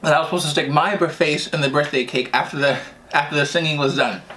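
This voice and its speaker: A man's voice: a little high, steady tone, quick pace, sharp tone, slight background noise. Rambling man telling a story while eating. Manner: rambling, restarts often, laughs at own story. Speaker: vlogger.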